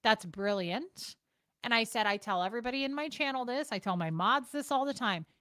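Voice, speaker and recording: A woman's voice: on the high side, expressive, pushed and bright, no echo. A woman hosting a casual livestream chat, blunt and profane, talking to her viewers from a home streaming setup. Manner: blunt, profane, fast-shifting delivery. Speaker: livestream host.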